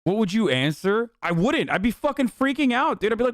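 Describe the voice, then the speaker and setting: A man's voice: sits high, brisk, no echo, studio quality. A man streaming a reaction to a crime video, talking casually with lots of swearing, incredulous and worked up. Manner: profane, incredulous, animated rants.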